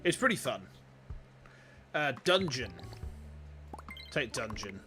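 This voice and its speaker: A man with a Yorkshire accent, chatting casually and excitably while livestreaming a game, swearing freely and greeting his chat. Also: medium pitch, slow pace, faint music behind. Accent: Yorkshire English. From Yorkshire, England. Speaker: streamer. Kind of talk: casual gaming livestream commentary. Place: warm room at home with fans running.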